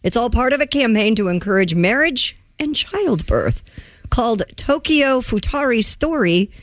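A woman reading a short news story on a chatty show, brisk and plain. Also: a little high, animated. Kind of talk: reading news, casual asides.

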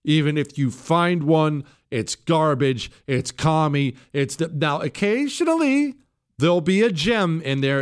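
A man's voice: on the high side, expressive, unhurried, clear, resonant tone. Opinionated male talk show host. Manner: emphatic, opinionated, with repeated restarts. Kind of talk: casual monologue answering listener questions.

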